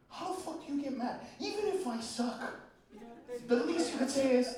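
A middle-aged man doing a stand-up set, brash and profane, shouting his punchlines and dropping in Spanish phrases. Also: extremely high pitch, animated, normal speed. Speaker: stand-up comedian. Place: comedy club stage. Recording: echoey club, mic at a distance, crowd noise. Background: laughing crowd.

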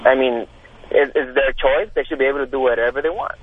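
A man with a husky voice calling into a radio show, talking in an earnest, rambling way. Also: mid-range voice, fast talker, a little hiss or hum. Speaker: caller. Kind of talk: call-in talk radio. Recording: tinny phone line.

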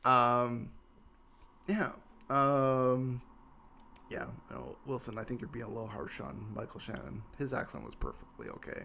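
A man in a relaxed movie-review chat, animated and full of hedges. His pitch jumps around as he trails off and restarts, reading comments from listeners and keeping the talk moving. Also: unhurried, vocal fry, slight background noise. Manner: animated, hedging with lots of "like" and "I don't know". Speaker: podcast host. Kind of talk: casual movie discussion.

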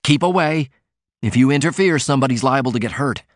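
A man reading the lines of a blunt, fierce young sailor-turned-writer, barking commands in a forceful way. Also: mid-range voice, lively intonation, moderate pace, no room sound, studio quality, pitched above the performer's own voice, lightly acted.

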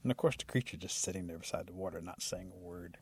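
A man telling a folktale aloud in a lively way, acting out characters with sound effects. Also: sits low, fast, breathy edge. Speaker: storyteller.

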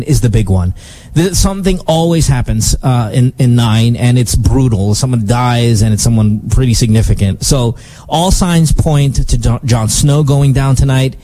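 A man hosting a morning radio show, chatting casually in an animated, rambling, joking way on a studio microphone. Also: medium pitch, no echo.

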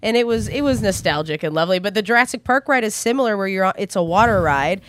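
A woman's voice: mid-range voice, expressive, fast talker, no echo, studio quality. A woman co-hosting a podcast, telling stories in casual chat and giggling often. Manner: giggly, enthusiastic storyteller. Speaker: podcast co-host.

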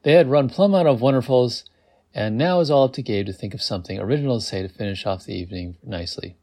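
A man's voice: medium pitch, quick pace, mellow. A man reading a novel aloud, amused, who stops to comment on the text. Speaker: reader.

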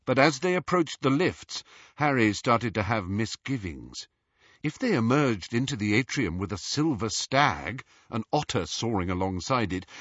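A man narrating an audiobook with expressive storytelling. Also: medium pitch, slightly rough, no room sound, highs cut off. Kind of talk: scripted narration.

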